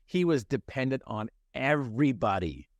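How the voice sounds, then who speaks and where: A man's voice: mid-range voice, animated, normal speed, no echo. A middle-aged man telling his personal story in a conversation, earnest and emphatic, repeating phrases for effect.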